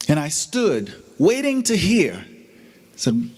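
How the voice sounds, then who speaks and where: A man's voice: medium pitch, big pitch swings, a little slow, long pauses, darkish tone. A middle-aged man giving an inspirational sermon as a guest speaker, telling his story dramatically and acting out the voices in it.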